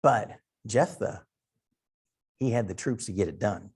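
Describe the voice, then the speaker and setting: A man's voice: fairly low pitch, unhurried, darkish tone, slightly rough. A middle-aged man from Wisconsin teaching a Sunday Bible class, talking in a folksy, conversational way and thinking aloud. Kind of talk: Sunday school Bible lesson.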